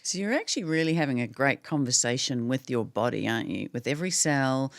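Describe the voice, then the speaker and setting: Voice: medium pitch, animated, brisk, vocal fry, no echo. Podcast host, dry close voice. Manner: affirming, summarizes the guest's points. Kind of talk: casual interview chat.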